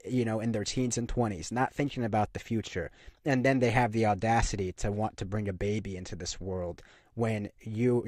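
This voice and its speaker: A man's voice: fairly low pitch, a little mellow, no echo, studio quality. A young man delivering an opinionated monologue to camera, ranting emphatically and repeating his points with frequent fillers. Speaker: commentary channel host.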